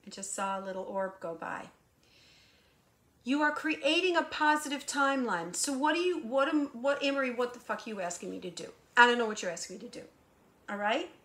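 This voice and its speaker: A woman giving a spiritual guidance monologue as a hypnotherapist and intuitive channeler. She speaks emphatically and preaches through rhetorical questions, moving between hushed asides and raised emphasis. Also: fairly high pitch, a little fast.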